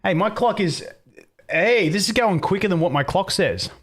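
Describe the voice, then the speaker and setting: A man's voice: high voice, expressive, normal speed, breathy edge. A young man streaming, chatting casually with viewers and telling rambling stories full of swearing. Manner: swears a lot, rambling storytelling with restarts. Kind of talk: casual live-stream chat.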